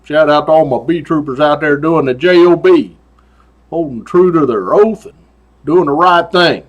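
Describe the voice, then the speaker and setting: A man's voice: fairly high pitch, normal speed, dull audio. A man hosting a show, telling a story in a casual, profane, folksy way and laughing often. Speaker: host.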